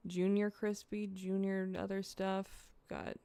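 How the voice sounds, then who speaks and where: Young woman streamer, loose rambling chat, cusses a lot, gravelly fry in the voice. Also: medium pitch, level tone, unhurried, dark tone, no room sound. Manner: chatty, rambling, swears freely, talks to chat. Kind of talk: casual livestream chat, eating on camera.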